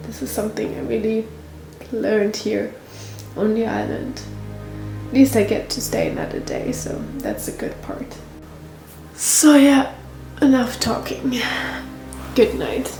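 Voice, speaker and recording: A woman's voice: fairly high pitch, sing-song, a little slow, vocal fry, pauses often, roomy sound, music in the background, low-quality recording. A young woman vlogging to camera, emotional and teary, tired after a stressful day, talking in a rambling way from a small rented apartment. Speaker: travel vlogger. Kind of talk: personal vlog talking to camera.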